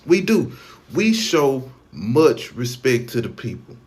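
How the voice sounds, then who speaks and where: Man, American, mid pitch, heated, rhetorical questions, casual commentary. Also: big pitch swings, takes it slowly, a little mellow. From United States.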